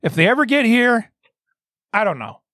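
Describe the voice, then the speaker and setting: Male podcast host, excitable, bouncy high delivery, recorded dry. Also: normal speed, no echo. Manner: excitable, laughs often, restarts sentences. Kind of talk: casual comedy podcast chat.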